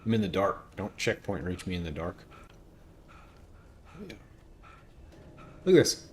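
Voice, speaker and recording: A man's voice: deep voice, measured pace, slight background noise. A man giving casual, jokey commentary while playing a game. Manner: chatty, jokey, thinks aloud. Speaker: gaming streamer.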